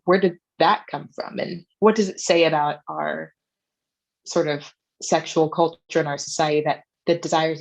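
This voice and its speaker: Low-voiced woman author, probing questions. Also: poor audio. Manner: probing, poses rhetorical questions. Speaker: author guest. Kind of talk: casual discussion.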